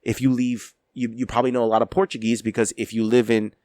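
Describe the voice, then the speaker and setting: An American man co-hosting a podcast in casual chat, talking emphatically and excitably and swearing freely. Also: mid-range voice, fast talker, no echo, clean studio sound. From United States. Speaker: podcast co-host.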